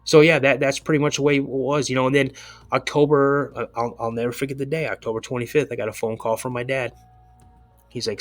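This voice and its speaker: A man's voice: medium pitch, little pitch movement, fairly quick, soft background music. Earnest rambling man telling his story. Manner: earnest, rambling, repeats himself for emphasis. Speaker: guest recounting an encounter. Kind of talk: casual first-person storytelling.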